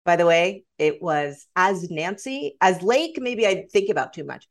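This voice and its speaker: A woman guest in casual conversation, telling animated stories and slipping into quoted voices. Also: lowish voice, a little slow. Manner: animated storyteller who slips into quoted voices.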